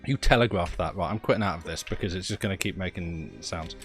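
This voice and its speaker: A man's voice: deep voice, quick pace, faint music behind. Rambling British man streaming games. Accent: British English. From Britain. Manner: rambling, self-deprecating, wry. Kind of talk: casual live-stream chat.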